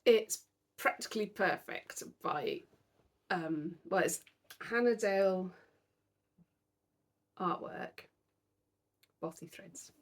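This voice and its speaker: A woman's voice: medium pitch, slow pace, long pauses. A tired young British woman vlogging about her cross-stitch, chatty and self-deprecating. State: tired, yawning. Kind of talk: casual chat to camera.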